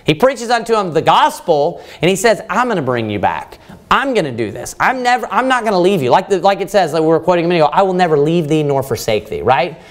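Male preacher, slightly high voice, lively pitch, Bible study sermon, rhetorical questions. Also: quick pace. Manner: animated, quotes scripture, asks the room questions.

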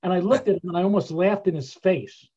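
An older man telling animated stories on a video call, with frequent restarts, speaking as a guest speaker. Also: high voice, fast talker, husky, highs cut off. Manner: animated raconteur, many restarts.

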